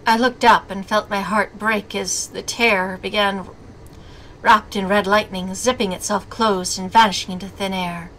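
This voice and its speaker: A woman's voice: mid-range voice, fairly even intonation, measured pace, bright, forceful tone, a little hiss or hum. A woman reading a visual novel aloud as a game streamer, with snarky asides between narration. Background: game music.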